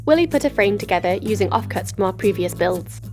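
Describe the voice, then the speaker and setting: A woman's voice: mid-range voice, expressive, quick pace. A woman vlogging in a cheerful, chatty way from her studio, laughing often. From Scotland. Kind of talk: casual vlog narration. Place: stone outbuilding studio on a remote island. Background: guitar music.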